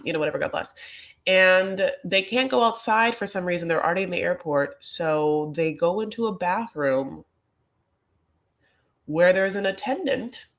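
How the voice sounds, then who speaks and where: A woman with a slightly low voice riffs through a reality TV recap in a loose, gossipy ramble. She talks casually and fills her sentences with "like" and "you know" as she goes. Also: normal speed, a bit bright.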